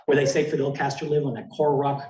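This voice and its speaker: Older guest speaker, rambling and chuckling, mid-pitched voice, far-off echoey hall sound. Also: male voice, level tone, fast talker, darkish tone. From Miami. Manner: rambling, many fillers, chuckling often. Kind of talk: casual talk presenting slides. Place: meeting hall with audience.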